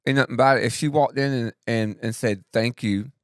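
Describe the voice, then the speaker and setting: A man co-hosting a podcast, speaking in a relaxed, slangy, emphatic way. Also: medium pitch, fast, no room sound, clean studio sound. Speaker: podcast co-host. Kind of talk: casual conversational podcast.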